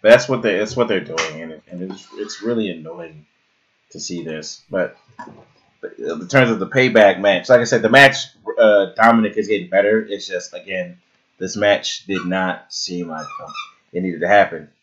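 A man's voice: low-pitched, normal speed, lo-fi sound. A young man co-hosting a casual podcast chat, swearing and joking with friends. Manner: animated, swearing, jokey impressions. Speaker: podcast co-host.

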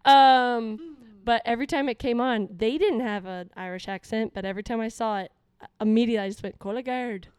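A woman's voice: a little high, brisk, a little mellow, clear, resonant tone, no echo, studio quality. A woman hosting a podcast, chatting casually and rambling along. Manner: rambling, lots of fillers. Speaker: podcast host. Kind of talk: casual chat.

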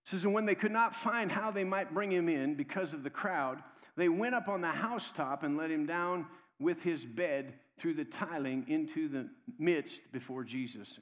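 A man preaches in a church, his voice high for a man. He moves between quiet, low stretches and raised, urgent calls to the congregation. A long reverb trails every phrase. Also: moderate pace, hardly any pauses. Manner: swings between hushed low stretches and loud, raised exhortation; conversational, calls out "come on" to the congregation. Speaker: pastor. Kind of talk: sermon. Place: church sanctuary.

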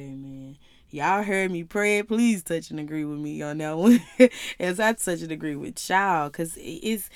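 A woman's voice: mid-range voice, darkish tone, no room sound. Chatty woman podcaster, dry sound. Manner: conversational, drifts into voicing God and others. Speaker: podcast host. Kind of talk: casual faith talk.

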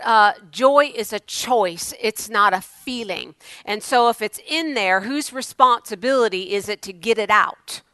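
Bright, crisp-voiced woman preaching. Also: on the high side, no room sound. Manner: dynamic preaching, swinging from loud exclamations to hushed asides. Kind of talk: sermon.

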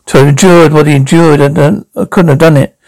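A man's voice: fairly high pitch, fairly even intonation, brisk, creaky, darkish tone, no echo, rough recording. An actor playing a blunt male police detective in a TV crime drama, pressing a suspect with terse questions. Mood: probing.

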